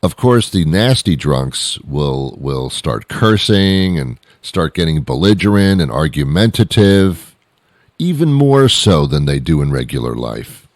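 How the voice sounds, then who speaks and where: A man's voice: very deep voice, big pitch swings, measured pace, no room sound. A man hosting a show, delivering a rambling, exasperated comedic monologue. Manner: rambling, exasperated ranting with restarts. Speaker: radio show host.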